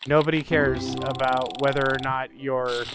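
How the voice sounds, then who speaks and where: A man's voice: medium pitch, fairly even intonation, measured pace, over music. A man hosting a casual let's play, ranting sarcastically with lots of swearing. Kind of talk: casual gameplay commentary with ranting stories.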